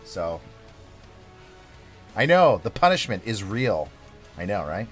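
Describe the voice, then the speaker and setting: A man's voice: fairly low pitch, big pitch swings, takes it slowly, fairly bright tone, faint music behind. A man streaming a game, chatting casually in a rambling, playful, over-the-top way full of fillers. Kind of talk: casual live-stream chat.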